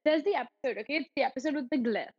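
A woman's voice: sits high, racing, darkish tone, breathy edge, no room sound, in a large hall, lo-fi sound. A woman co-hosting a podcast, chatting casually and animatedly, often digressing. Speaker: podcast co-host. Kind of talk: casual chat.

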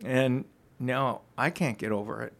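A man's voice: medium pitch, fairly even intonation, measured pace, gravelly, a bit bright. A man earnestly recounting his personal testimony in casual conversation, reflective and full of restarts. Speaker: ministry founder, podcast guest.

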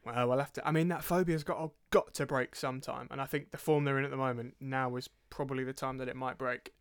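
A man's voice: mid-range voice, fairly even intonation, fast talker, smooth, dry recording, studio quality. A young man co-hosting a casual football podcast, blunt and jokey, with the odd swear word. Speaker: podcast co-host.

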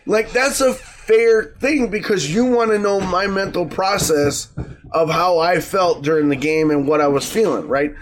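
Podcast co-host, male, higher pitch, measured and reasoning, faint background noise. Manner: measured, reasoning with fillers and 'right?'. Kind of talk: casual podcast chat.

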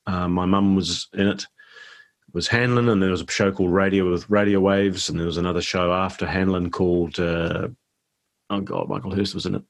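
A middle-aged man with a New Zealand accent, chatting as a guest actor in an interview, relaxed and self-deprecating. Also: deep voice, brisk, gravelly. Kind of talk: casual interview chat.

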